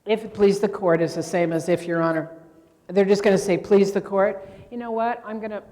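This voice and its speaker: A woman from Indiana teaches grammar to a convention crowd, tossing out questions and answering them herself. Her voice sits at a middle pitch for a woman. A long reverb trails her words through the large hall. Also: steady tone, mellow. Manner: quizzing the audience with quick questions and answers. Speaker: grammar instructor at a court reporters' convention. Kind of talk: interactive classroom lecture. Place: convention meeting room.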